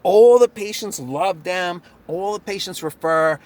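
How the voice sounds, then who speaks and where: A man's voice: high-pitched, unhurried, a little mellow. Sarcastic, swearing young man ranting. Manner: profane, sarcastic, laughs between lines. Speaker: chiropractor. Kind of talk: ranting vlog monologue.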